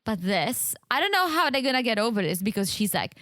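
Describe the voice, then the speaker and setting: A woman with a fairly high voice talks through a reality-show recap in casual chat. She is animated and keeps slipping into quoted voices. Her podcast mic sounds close and dry. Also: a little fast, no room sound. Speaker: podcast co-host.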